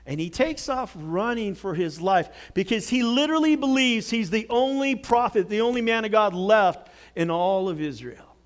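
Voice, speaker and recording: A man preaching a sermon, telling a Bible story with dramatic swings from loud outbursts to hushed words. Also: high voice, normal speed. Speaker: pastor.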